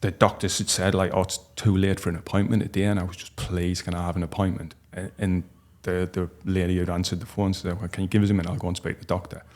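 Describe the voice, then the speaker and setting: A man, telling a personal story as a podcast guest in a halting, heartfelt way with many restarts. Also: low-pitched, little pitch movement, darkish tone. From North East England. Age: 40s.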